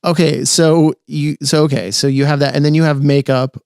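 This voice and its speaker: A man's voice: fairly high pitch, steady tone, normal speed, gravelly, darkish tone, clear, resonant tone, dry recording, clean studio sound. A man hosting a casual interview, asking rambling, hesitant questions. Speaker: podcast host.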